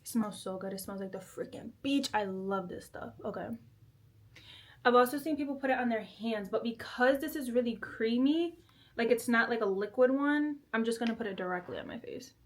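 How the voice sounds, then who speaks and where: Young female vlogger, giggly and chatty, bright-voiced, casual bedroom talk. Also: on the high side, moderate pace. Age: 20s. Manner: chatty, giggly, self-deprecating. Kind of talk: casual chat while doing makeup. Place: bedroom at home.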